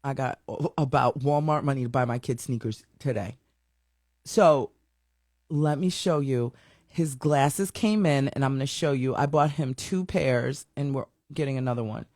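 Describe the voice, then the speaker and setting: A woman hosting her own online show, telling a story in a chatty, animated way with lots of fillers and restarts. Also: a bass voice, normal speed, dry recording, studio quality. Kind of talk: casual livestream chat.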